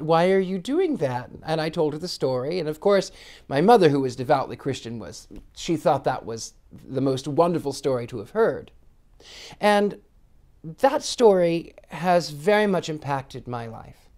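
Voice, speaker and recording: A man's voice: fairly high pitch, a little mellow. A man, a psychic, speaking earnestly in a reflective monologue, with frequent restarts. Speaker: psychic sharing personal reflections.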